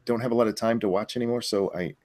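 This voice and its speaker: A man's voice: fairly low pitch, steady tone, racing, a little mellow. A man co-hosting a casual livestream, blunt and casually profane. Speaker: YouTuber co-host.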